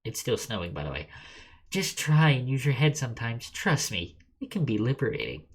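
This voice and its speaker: A man voicing a pushy female self-improvement coach in a high, sing-song falsetto, lecturing while reading game dialogue aloud. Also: big pitch swings, normal speed, husky. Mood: preachy.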